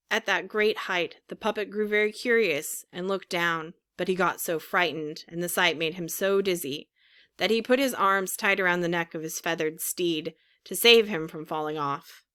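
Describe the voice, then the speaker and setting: A woman narrating a storybook in an expressive reading style. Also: on the low side, clear, resonant tone. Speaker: audiobook narrator. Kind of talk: scripted narration.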